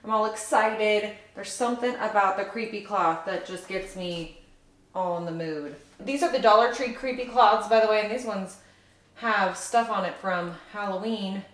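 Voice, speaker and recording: A woman's voice: mid-range voice, normal speed. A woman in casual, upbeat vlog chat, thinking aloud as she decorates her living room. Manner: chatty, upbeat, thinks aloud while working. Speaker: home decor vlogger. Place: home living room by a fireplace. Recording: roomy room echo.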